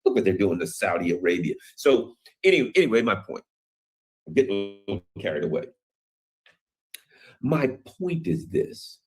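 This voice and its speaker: Deep-voiced man ranting about world affairs. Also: sing-song, moderate pace, long pauses. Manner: rambling, emphatic, acts out others' quotes. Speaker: news commentary channel host. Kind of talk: opinionated solo commentary.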